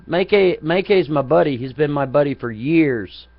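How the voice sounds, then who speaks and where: A man's voice: on the high side, expressive, moderate pace, gravelly, no room sound. A man hosting a live chat broadcast, rambling in a profane, taunting and mocking way. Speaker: chat room moderator. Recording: dull lo-fi, dry.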